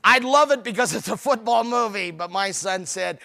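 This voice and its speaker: A middle-aged man speaking at a marriage seminar, telling humorous stories with animated, playful self-mockery. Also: high voice, moderate pace, vocal fry. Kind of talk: humorous seminar talk to couples.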